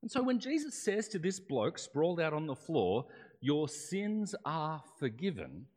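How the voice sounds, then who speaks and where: A man preaches in a relaxed, conversational way, his slightly high voice rising and falling a great deal. His words carry a long reverb, as if spoken in a large hall. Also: unhurried. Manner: conversational preaching with rhetorical questions. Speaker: pastor. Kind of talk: sermon.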